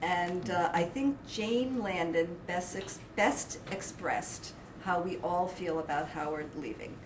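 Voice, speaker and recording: A woman reading out colleagues' farewell quotes at a work party, laughing between them and pausing on filler words. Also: on the low side, lively intonation. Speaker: party organizer reading tributes. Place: office party room. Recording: echoey room, distant mic, loud background noise.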